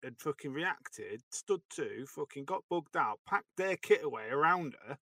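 A man's voice: on the high side, expressive, unhurried, a bit bright. A young man co-hosting a podcast, telling a sweary army story in a chatty way. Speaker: podcast co-host. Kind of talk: casual army stories chat.

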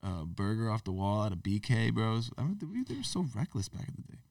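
A young man with a lowish voice, talking fast and rambling through a podcast story. He swears a lot and keeps restarting his sentences. The sound is dry and a bit distant from the mic. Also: big pitch swings, gravelly, a little mellow, dry recording. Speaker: podcast co-host. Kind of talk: casual storytelling chat.

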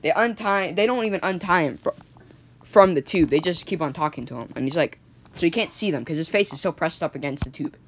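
Brief: casual improvised storyteller, rambling, restarts, mid-pitched voice. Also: animated, a little fast. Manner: rambling, many fillers and restarts.

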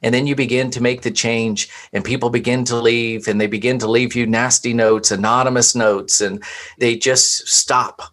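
A man from Florida, a pastor, tells personal stories in an earnest, preacherly way. His voice sits at an ordinary middle pitch, and he builds each point like a short sermon. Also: steady tone, normal speed, fairly bright tone. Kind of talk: personal testimony in conversation.

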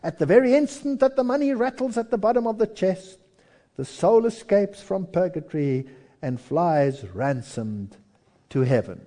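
A man's voice: sits high, lively intonation, normal speed, mellow. A man voicing a pompous medieval indulgence seller in a dramatic sermon reading, proclaiming in a raised, theatrical voice.

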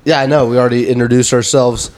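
A young man hosting a podcast in casual chat. He speaks in a slow, drawn-out way and reacts to stories with "damn". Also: mid-range voice, little pitch movement, darkish tone. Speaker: podcast host.

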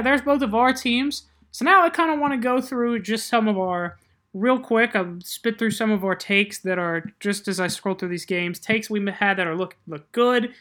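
A man co-hosting a casual sports chat, measured and quick to laugh. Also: high-pitched, pushed and bright. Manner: measured, chatty, laughs easily. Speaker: podcast co-host.

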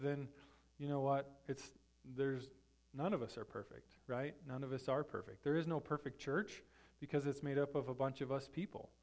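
A man preaching a sermon as pastor, in a conversational way that often checks in with his congregation. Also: a little high. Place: church sanctuary.

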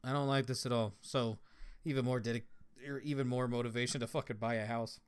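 In a casual podcast conversation, a young Colorado man who once worked as a prison guard tells stories, laughing and swearing freely. He talks fast in a mid-range voice that is clear and resonant, with fairly even intonation.

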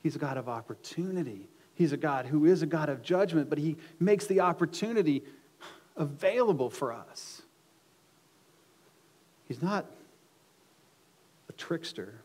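A male pastor preaching a sermon, swinging from quiet asides to loud, emphatic outbursts and often repeating words as he restarts. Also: a little high, expressive, measured pace, pauses often.

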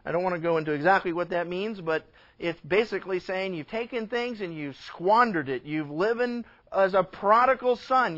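A pastor preaching with a high voice and earnest, emphatic delivery that sometimes drops to a hush. The recording is dull and slightly muffled. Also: male voice. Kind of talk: sermon.

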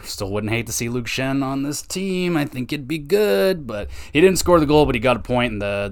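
A young man hosting a podcast, talking through hockey games in an excitable, profane, casual way, tossing "man" and "dude" into his sentences. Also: mid-range voice. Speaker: podcast host. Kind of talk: casual sports podcast monologue.

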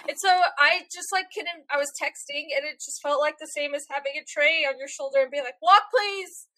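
Woman podcast co-host, high voice, bubbly, casual chat, dry close sound. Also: fairly even intonation, bright, forceful tone, no echo. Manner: bubbly, quick to laugh, acts out quotes.

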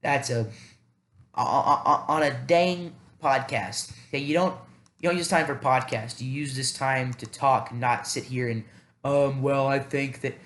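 A man's voice: mid-range voice, measured pace, a bit bright, reverberant. A man hosting a casual solo podcast, thinking aloud in a rambling, self-deprecating way with many fillers. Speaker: podcast host.

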